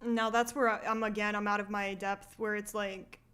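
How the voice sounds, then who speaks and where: A woman's voice: medium pitch, little pitch movement, moderate pace, fairly bright tone. A woman streaming live, chatting casually as she reacts to a video and reads viewer comments, often laughing and asking questions.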